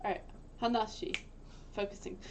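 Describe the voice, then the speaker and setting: A woman's voice: medium pitch, fairly even intonation, normal speed, noisy background. A woman on a live stream, playful and easily distracted, working through Japanese words in casual chat.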